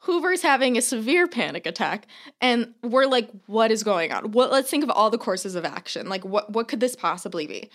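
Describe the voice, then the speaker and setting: A young woman co-hosting a podcast, telling a long, animated anecdote in casual chat, full of fillers and swearing. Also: mid-range voice. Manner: animated storyteller, filler-heavy, swears freely. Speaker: podcast co-host.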